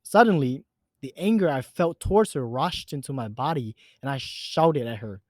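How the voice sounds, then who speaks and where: A man's voice: mid-range voice, expressive, normal speed, dry recording. Man narrating a first-person horror story.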